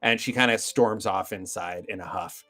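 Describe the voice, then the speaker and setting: A man's voice: low voice, moderate pace, sharp tone, faint music behind. A man narrating a tabletop game as game master, in a loose, hesitant way full of fillers.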